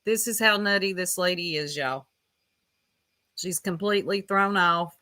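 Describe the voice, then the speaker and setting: A woman's voice: lowish voice, a little slow, pushed and bright. A woman with a Southern US accent hosting a casual livestream, chatting and teasing while greeting viewers by name. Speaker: livestream host.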